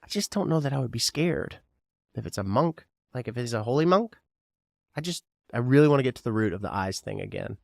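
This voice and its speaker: A man's voice: medium pitch, lively intonation, fairly quick, creaky, a little mellow, no room sound, clean studio sound. A man from Kentucky hosting a podcast alone, rambling and joking and firing questions at the listener. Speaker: podcast host. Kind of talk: casual solo podcast chat.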